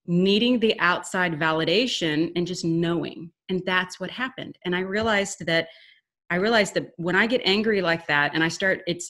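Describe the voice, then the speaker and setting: A woman's voice: lowish voice, a bit bright. A woman co-hosting a casual spiritual chat, talking in an earnest, rambling, self-questioning way. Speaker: podcast co-host.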